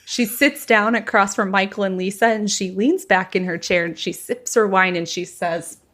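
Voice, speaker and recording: A young adult woman hosting a podcast, telling a gossip story casually and quoting people in quick asides. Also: mid-range voice, a bit bright.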